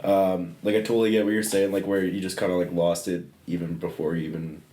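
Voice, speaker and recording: A man's voice: deep voice, little pitch movement, fast, warm tone, echoey room. A man hosting a podcast, asking questions hesitantly with many fillers. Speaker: podcast host. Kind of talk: casual conversation.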